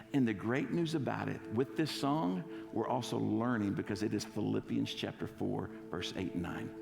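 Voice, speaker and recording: A male pastor with a low, gravelly voice delivers a sermon. He talks in a playful, coaxing way as he leads his congregation. His words echo with a long reverb through a big sanctuary. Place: church sanctuary.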